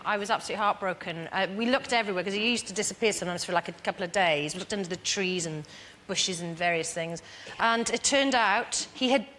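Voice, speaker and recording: Bright-voiced woman telling stories. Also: medium pitch, slight background noise. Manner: lively storyteller who laughs often. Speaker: actor and guest. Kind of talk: chat show anecdote. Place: TV studio with an audience.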